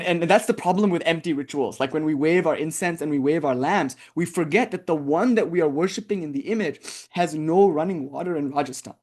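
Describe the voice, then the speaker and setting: A man's voice: on the high side, a little mellow. Impassioned man giving a spiritual talk. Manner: impassioned, conversational, many "like"s and "you know"s. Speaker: spiritual teacher. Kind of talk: casual dharma talk.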